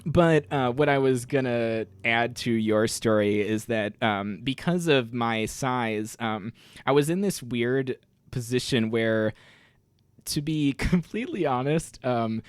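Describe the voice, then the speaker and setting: A young man co-hosting a podcast with his mother, explaining things in casual chat with a relaxed manner and lots of fillers. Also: mid-range voice, slow, smooth, no room sound. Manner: laid-back, explains things with many fillers. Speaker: podcast co-host, son.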